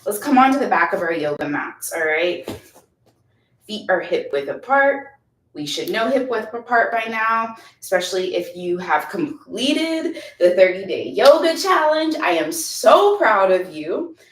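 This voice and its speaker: Woman, yoga instructor, playful and chatty, lively pitch, roomy echo. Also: measured pace, slight background noise. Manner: upbeat, playful, chatty with bursts of laughter and whoops. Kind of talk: guided yoga class instruction. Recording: echoey room, mic at a distance.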